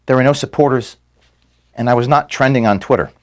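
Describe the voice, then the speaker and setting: Emotional man giving a farewell address. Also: medium pitch. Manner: halting, repeats words, apologizes for emotion. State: emotional, close to tears. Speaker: founder addressing his staff. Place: office room at headquarters.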